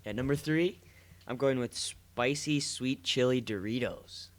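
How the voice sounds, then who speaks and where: A man's voice: mid-range voice, measured pace. Easygoing young man. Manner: easygoing, brief remarks. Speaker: podcast co-host. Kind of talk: casual chat.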